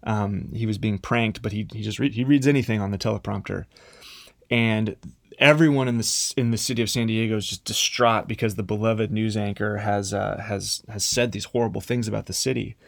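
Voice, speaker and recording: A man's voice: on the low side, fairly even intonation, fairly quick, vocal fry, no echo. Man preaching a conversational sermon, dry sound.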